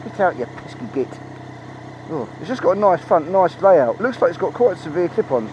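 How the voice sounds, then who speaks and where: A man giving a chatty, excitable ride-along review of a motorbike, swearing freely, talking into a helmet mic outdoors. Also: on the high side, moderate pace. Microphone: helmet-mounted mic. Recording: muffled, engine and road noise.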